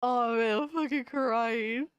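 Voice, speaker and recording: A woman's voice: fairly high pitch, takes it slowly, smooth, no room sound. A woman hosting a casual livestream, chatting in loose, profane slang and often breaking into laughter. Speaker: livestream host.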